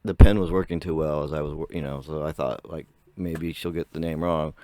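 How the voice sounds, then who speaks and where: A man's voice: extremely low pitch, fairly even intonation, a little fast, dark tone, dry recording. A young man whose voice still cracks, telling a rambling story to camera with frequent laughs. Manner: chatty, rambling, laughs often. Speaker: vlogger.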